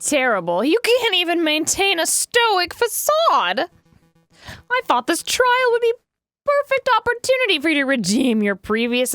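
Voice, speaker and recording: A stern bird lawyer with a sharp tongue, read by a woman, curt and scolding in a dry, close voice. Her delivery rises and falls with lively emphasis. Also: fairly high pitch, dry recording.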